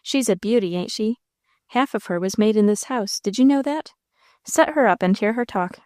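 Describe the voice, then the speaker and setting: Woman voicing a storybook father, brusque, folksy, impatient, middling pitch, dry sound. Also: normal speed, a little mellow, no room sound, natural voice. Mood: hearty. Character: blustery doll-making father, impatient.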